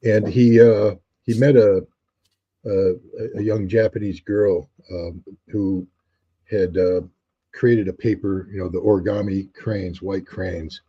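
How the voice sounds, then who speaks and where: A man's voice: low-pitched, fairly even intonation, slow pace, slightly rough, muffled recording. A man, a guest on an interview show, telling stories reflectively with frequent restarts and fillers. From United States. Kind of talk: conversational storytelling.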